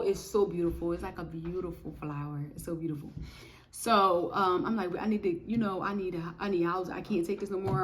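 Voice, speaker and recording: A young woman telling her faith testimony in a lively, preachy way, talking straight to her viewers. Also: medium pitch, a little hiss or hum. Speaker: testimony speaker. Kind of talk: casual spoken testimony.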